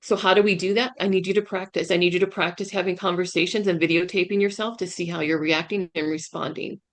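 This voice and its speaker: A fast-talking woman with a lowish voice and fairly even intonation presents a webinar over a video call. She is a career coach and guest speaker who stresses her points emphatically and keeps checking in with "right?"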